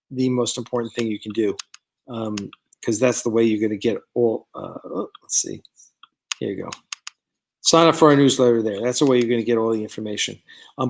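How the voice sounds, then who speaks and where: A man's voice: mid-range voice, vocal fry. Rambling man chatting on a live stream. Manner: rambling, many fillers, reads viewer comments aloud. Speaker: producer hosting a live stream. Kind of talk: casual live-stream chat with viewers. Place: studio set of a starship bridge.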